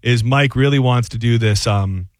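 A man hosting a sports talk radio show, chatting casually with halting restarts. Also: medium pitch, no room sound.

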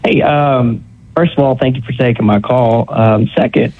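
A man calling a radio show, polite and eager, with filler pauses. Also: medium pitch, fairly even intonation. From Northeast Tennessee. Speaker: radio caller. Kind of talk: call-in question. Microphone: telephone. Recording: tinny phone line.

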